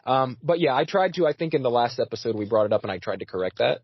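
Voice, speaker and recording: Animated man hosting a podcast. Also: mid-range voice, fast talker, a crowd in the background. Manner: animated, with frequent fillers and restarts. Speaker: podcast host. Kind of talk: casual podcast chat. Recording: dry, slightly dull audio.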